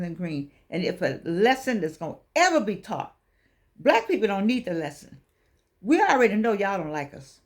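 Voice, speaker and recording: Preachy woman with rising emphatic bursts. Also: on the low side. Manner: preachy, repeats herself, wanders off mid-thought; sudden emphatic stretched-out words. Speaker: online motivational speaker. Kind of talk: casual direct-to-camera talk.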